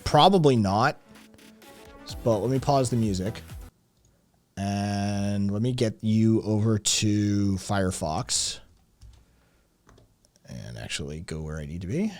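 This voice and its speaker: A man's voice: lowish voice, slow pace, long pauses, a little mellow, faint music behind. A man hosting a casual livestream, rambling and swearing as he answers chat messages. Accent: slight Southern drawl at times. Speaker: podcast host.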